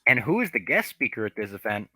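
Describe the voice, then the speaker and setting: A man's voice: lowish voice, very animated, quick pace, sharp tone, dry recording. A man co-hosting a podcast, animatedly retelling a TV episode with casual profanity. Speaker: podcast co-host.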